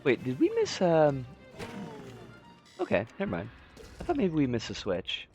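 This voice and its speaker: A man's voice: huge pitch swings, unhurried, darkish tone, faint music behind. A man streaming a game, chatting in a rambling, jokey way. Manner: rambling, jokey, swoops in pitch. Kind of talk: casual game-stream chat.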